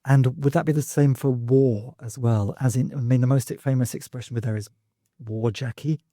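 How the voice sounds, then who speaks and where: A man's voice: mid-range voice, fairly even intonation, fairly quick, warm tone, dry recording, studio quality. A man co-hosting a university podcast, thinking aloud in casual academic chat with many restarts. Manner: thoughtful, hesitant, many restarts. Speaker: podcast co-host.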